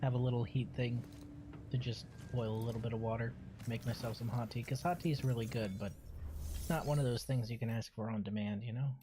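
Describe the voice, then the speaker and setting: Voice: medium pitch, steady tone, a little fast, noisy background. A streamer giving casual, joking commentary while playing, chatting along and talking to a pet.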